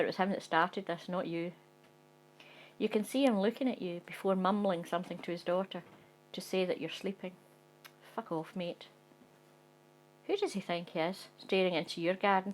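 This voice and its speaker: A woman reading a second-person comic short story aloud in a wry, conspiratorial tone that breaks into sweary outbursts of indignation. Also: fairly low pitch.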